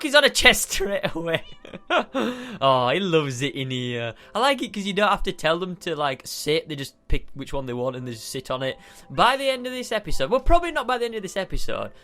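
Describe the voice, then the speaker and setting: Bubbly high-voiced young man. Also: pushed and bright. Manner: bubbly, giggly, chatty with frequent fillers. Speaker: gaming video host. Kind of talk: casual gameplay commentary.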